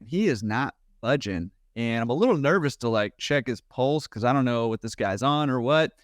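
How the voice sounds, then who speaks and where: A man telling a story on a podcast with quick, animated energy and a mid-range voice. The sound is dry and close. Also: mid-range voice, no echo. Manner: animated, quick, laughing at his own story. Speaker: podcast guest. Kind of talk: casual storytelling.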